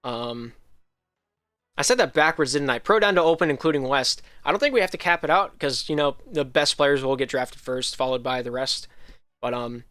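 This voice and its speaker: Bright, crisp-voiced man rambling casually. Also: medium pitch, moderate pace, no room sound. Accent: slight Southern American drift. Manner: rambling, frequent ums and restarts. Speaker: league host. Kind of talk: casual livestream talk.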